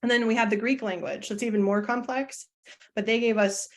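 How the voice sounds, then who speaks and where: A woman's voice: fairly high pitch, fairly even intonation, fairly quick. A woman teacher presenting an online webinar in a chatty, self-deprecating way, with many fillers and restarts.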